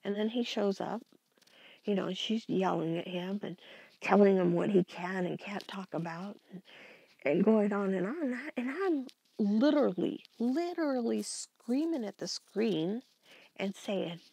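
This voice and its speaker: A woman vlogger ranting in exasperated commentary, with a gravelly, husky voice. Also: medium pitch, expressive, measured pace, mellow, no echo. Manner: exasperated, venting.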